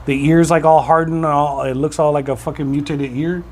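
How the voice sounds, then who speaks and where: A man's voice: a little high, little pitch movement, moderate pace, a little mellow. A man in his forties co-hosting a podcast in casual chat, telling crude jokes and laughing at them. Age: 40s. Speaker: podcast co-host.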